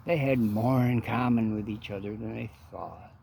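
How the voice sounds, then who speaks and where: A man's voice: fairly low pitch, normal speed, creaky, darkish tone, a little hiss or hum, low-quality recording. A man telling a folksy, profane story in a casual, rambling way.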